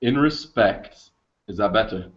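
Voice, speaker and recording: Heavy-accented male caller, slightly low voice, pompous and wordy, lo-fi line. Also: animated, unhurried. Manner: pompous, long-winded formal wording. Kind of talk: call-in question. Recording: lo-fi call audio.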